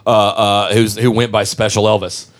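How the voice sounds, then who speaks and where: A man in his forties, a musician from Memphis, telling profane, animated stories in casual chat. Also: lowish voice, normal speed. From Memphis, Tennessee. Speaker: musician guest.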